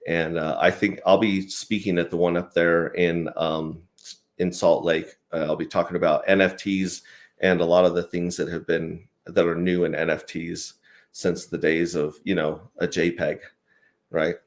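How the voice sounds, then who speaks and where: A man hosting a casual livestream, reading viewer comments aloud in a relaxed way with lots of fillers. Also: low voice, moderate pace. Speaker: host.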